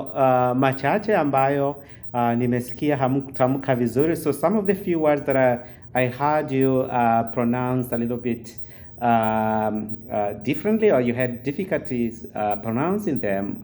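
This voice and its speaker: A teacher wearing a face mask, correcting students' pronunciation slowly and carefully, switching between two languages. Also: medium pitch, darkish tone. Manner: slow, careful pronunciation drills, switching between Swahili and English. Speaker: Swahili teacher. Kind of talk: classroom teaching.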